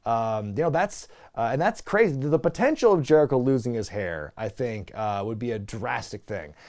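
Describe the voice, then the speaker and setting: Mellow-voiced man recapping wrestling. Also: mid-range voice, animated, moderate pace. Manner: rambling, opinionated, frequent fillers. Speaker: wrestling show reviewer. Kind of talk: casual recap and commentary.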